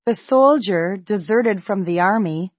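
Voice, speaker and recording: A woman slowly reading a scripted pronunciation lesson, enunciating each word with deliberate care. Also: medium pitch, animated, dry recording, studio quality. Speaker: pronunciation teacher. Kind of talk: slow scripted pronunciation drill.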